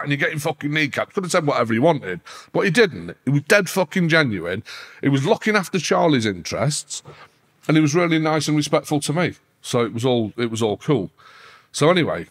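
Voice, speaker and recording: A man's voice: medium pitch, breathy edge. A man, a podcast guest telling a story casually, swearing constantly and acting out quoted dialogue. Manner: heavy swearing, animated retelling with quoted dialogue.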